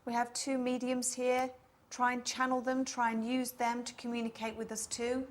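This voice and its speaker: A woman with a fairly high voice leads a séance, pleading and coaxing. She sounds easily startled during a paranormal investigation. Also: monotone, normal speed. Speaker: séance leader.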